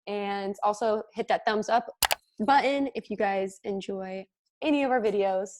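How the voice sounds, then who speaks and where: A woman's voice: mid-range voice, unhurried, background noise. A woman co-hosting a casual eating show, giggly and rambling, swearing offhandedly. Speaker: co-host. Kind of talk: casual chat while eating.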